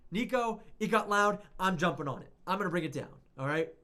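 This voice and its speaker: A man speaking as an eager male audio compressor that rushes to turn loud sounds down. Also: high voice, lively intonation. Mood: hurried.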